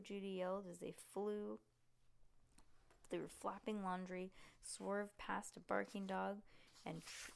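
A woman reading a children's book aloud in a lively way, with occasional slips and restarts. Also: medium pitch, gravelly. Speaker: reader.

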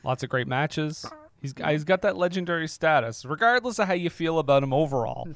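A man's voice: on the high side, lively intonation, a little fast, no echo. A man hosting a podcast in casual, jokey, rambling chat, laughing often. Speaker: podcast host.

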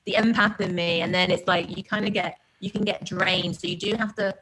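A woman's voice: mid-range voice, steady tone, brisk, fairly bright tone. A woman with an English accent, chatting as a podcast guest in a self-deprecating, talkative way. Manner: chatty and self-deprecating, slips into playful put-on voices. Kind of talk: casual chat.

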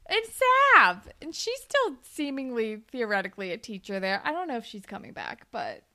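A young woman co-hosting a casual chat that recaps a TV show, talking fast with lots of "like" and laughing often. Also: on the high side, wildly swooping pitch, bright, forceful tone. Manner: chatty, lots of "like", laughs often, acts out characters' lines. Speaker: podcast co-host.

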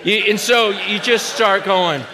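A man preaching a sermon in a conversational storytelling way, full of fillers and restarts, acting out dialogue and sometimes rising to shouts. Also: high voice, unhurried. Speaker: pastor. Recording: reverberant hall.

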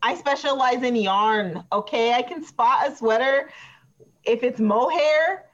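A woman's voice: fairly high pitch, measured pace, close to an everyday voice. A woman voicing a chatty, petty witness who rambles with many fillers and gets defensive. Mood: exasperated. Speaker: player voicing a trial witness. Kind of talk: improvised tabletop role-play. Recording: dull lo-fi recording.

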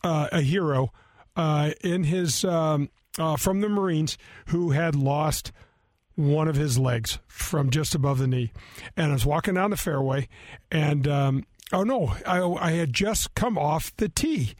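A man in his fifties rambles through a funny, self-mocking anecdote, full of restarts and "uh"s. His voice sits a bit high, recorded close and dry with no room sound. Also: measured pace, darkish tone, no room sound. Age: 50s. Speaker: co-host, former golfer. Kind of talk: casual storytelling chat.

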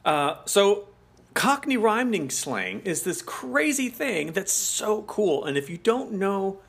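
Podcast co-host, American man, slightly high voice, chatty explainer. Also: big pitch swings, slow pace, creaky, fairly bright tone, slightly rough. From United States. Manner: chatty, explains at length, laughs often. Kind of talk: casual chat.

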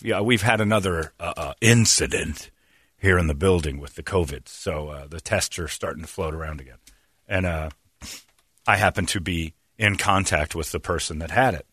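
A man's voice: deep voice, fairly bright tone, dry recording. A man hosting a sports talk radio show, rambling and sarcastic as he tells stories on a studio mic. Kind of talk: casual sports radio banter.

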